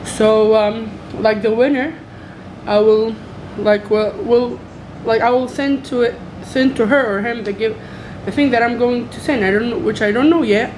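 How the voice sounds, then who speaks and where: Young woman vlogging with halting fillers. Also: on the high side, fairly even intonation, noisy background. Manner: hesitant, many fillers and restarts. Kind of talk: casual vlog chat. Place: home bedroom with window open.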